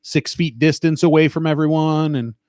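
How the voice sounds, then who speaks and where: A man's voice: fairly high pitch, steady tone, normal speed, a little mellow, dry recording. A middle-aged man with a New York accent, hosting a podcast in casual banter and teasing with a lot of swearing. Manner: profane, teasing, wisecracking. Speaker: podcast host.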